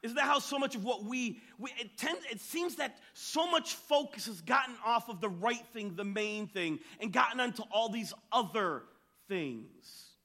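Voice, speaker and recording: A man's voice: very high-pitched, animated, moderate pace, bright, forceful tone. A male pastor giving a sermon to his church in an emphatic storytelling style.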